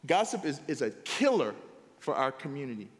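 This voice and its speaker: A man's voice: mid-range voice, very animated, normal speed, big-room sound. A man preaching a sermon as pastor, talking in a conversational, emphatic way. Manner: conversational, emphatic preaching with frequent "here's the deal". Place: church sanctuary.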